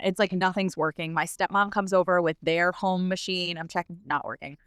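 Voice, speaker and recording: A young woman talks as a podcast guest, her voice a touch low and notably smooth and clean. She retells events in a rapid, animated casual style, dropping filler words constantly. The sound is close and dry. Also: no echo. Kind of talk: casual storytelling.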